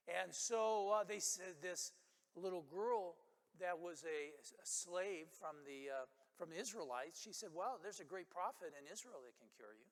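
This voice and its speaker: An older man preaching a sermon as pastor, telling a story and acting out the people in it with animated quotes. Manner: animated, acts out quotes with rising pitch. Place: church sanctuary. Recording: long hall reverb.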